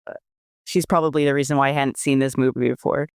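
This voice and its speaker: A man of middle pitch co-hosts a podcast. He gives blunt, wry opinions, and his voice sounds close and dry. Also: fairly even intonation, fast talker, smooth, no room sound. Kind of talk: casual podcast discussion.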